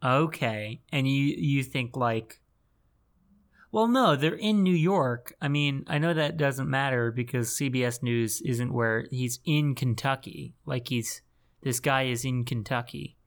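A man co-hosting a casual podcast about movies, talking haltingly and often stopping to search for words. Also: medium pitch. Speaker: podcast co-host. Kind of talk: casual movie-talk chat.

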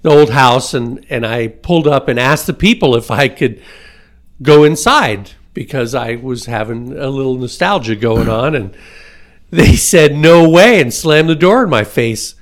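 Brief: easygoing male podcast guest, mid-pitched, anecdotal joke telling. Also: a little slow.

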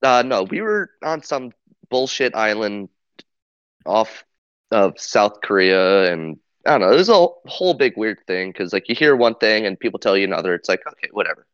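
A man on a casual podcast telling a story slowly, with many fillers and some laughter. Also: on the low side, animated, clear, resonant tone, dry recording. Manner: hesitant, many fillers, laughs while talking. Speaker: podcast co-host. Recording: dull lo-fi mic.

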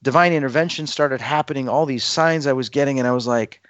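A man in his fifties tells a story as a guest, lively and animated, slipping into the voices of the people in it. His pitch sits mid-range. The sound is dull and lo-fi, with no room echo at all. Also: fast talker. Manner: animated, acts out dialogue with his voice. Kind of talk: casual storytelling in conversation.

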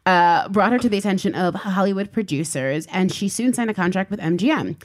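A woman's voice: mid-range voice, a little fast. A woman co-hosting a casual podcast chat, telling a life story with dry, teasing asides. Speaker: podcast co-host.

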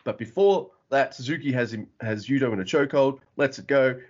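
A man co-hosting a podcast, recapping wrestling matches in lively, casual talk with swearing and laughs. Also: mid-range voice, a little fast, a little hiss or hum. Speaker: podcast co-host. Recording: dull lo-fi audio.

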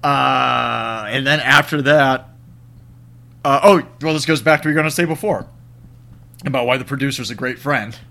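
A man's voice: mid-range voice, moderate pace, creaky, pauses often, bright, forceful tone. A man co-hosting a casual movie review chat, laughing easily as he talks through plot points. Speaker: podcast co-host.

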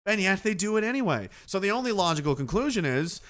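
A man's voice: high voice, sing-song, fast, hardly any pauses, fairly bright tone. A man hosting a live show, ranting sarcastically with lots of swearing and reading out viewer comments. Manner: profane, sarcastic, reads chat comments aloud. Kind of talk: casual livestream rant.

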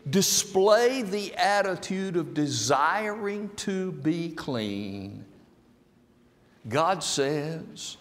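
A man preaching a sermon in slow, deliberate phrases that swing from soft, low passages to loud, emphatic peaks. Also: very animated, long reverb tail.

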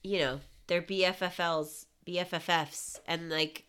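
A woman on a comics podcast with a fairly low voice for a woman. She reacts with animated disbelief and shares her views in a loose, chatty way. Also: a little slow, clean tone. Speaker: podcast co-host. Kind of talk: casual comic book discussion.

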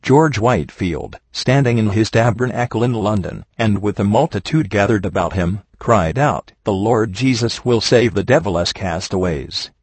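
A man with a somewhat low voice reads a sermon aloud, his tone husky. He keeps a steady, earnest preaching cadence. The sound is dry and close. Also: moderate pace, few pauses, no echo. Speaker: reader of a sermon.

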